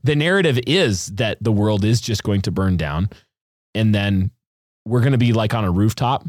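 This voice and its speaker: A man's voice: on the low side, lively intonation, moderate pace, dry recording, studio quality. A man co-hosting a podcast, talking animatedly with vivid analogies and frequent laughs. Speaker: podcast co-host. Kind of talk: casual discussion.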